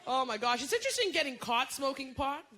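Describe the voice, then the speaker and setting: A woman comedian performing a stand-up set on a club stage, animated and jumping into shrill impressions. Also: fast, a little hiss or hum. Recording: loud audience laughter and room ambience.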